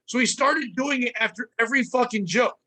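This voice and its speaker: Podcast co-host, male; high, bright, animated storyteller who acts out characters. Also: a little fast. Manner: animated, profane, mimics people mid-story. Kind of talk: casual storytelling chat.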